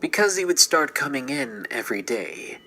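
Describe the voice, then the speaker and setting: A man's voice: mid-range voice, sing-song, moderate pace, bright, forceful tone, a little hiss or hum, poor audio. A man narrating a true scary story in a scripted, dramatic way and dropping into whispers at tense moments.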